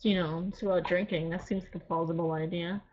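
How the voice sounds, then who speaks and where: Her voice is fairly low, steady, and a little mellow, delivered briskly with the highs cut off. The early-twenties vlogger rants defiantly at the camera, sarcastic and rambling, frequently starting over.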